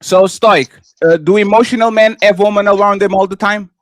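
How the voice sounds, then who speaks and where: A man co-hosting a live panel show, speaking English as a second language, insistently cuts in and lectures a guest during a heated debate, repeating "sir" to interrupt. His voice is high and steady in tone, his pace fairly quick, with no room sound.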